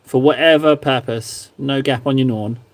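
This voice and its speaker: A young man with a mid-range voice, steady tone and moderate pace hosts a livestream while painting miniatures. He chats casually and teases his viewers, trading playful, joking banter with chat.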